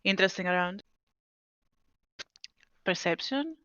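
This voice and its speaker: Female player with a tentative, think-aloud manner and a bright voice. Dry, dull lo-fi sound. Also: mid-range voice, lively intonation, measured pace, clean tone, no echo. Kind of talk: playing a tabletop game online.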